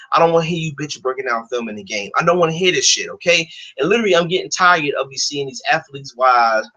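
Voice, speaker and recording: A man's voice: fairly high pitch, sharp tone, rough recording. A man vlogging a heated, profane rant, repeating himself and swearing constantly. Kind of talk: profane ranting monologue.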